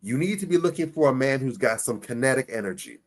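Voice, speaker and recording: A man's voice: medium pitch, expressive, quick pace. A man hosting a casual podcast, giving blunt, preachy advice with rhetorical questions and emphatic repetition. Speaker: podcast host.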